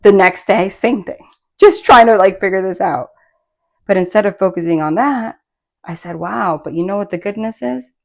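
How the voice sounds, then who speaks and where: A woman's voice: mid-range voice, normal speed, gravelly. A woman giving a casual spoken tarot reading, chatty and rambling, with many fillers and restarts. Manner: bursts of laughter and excited asides. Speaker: tarot reader.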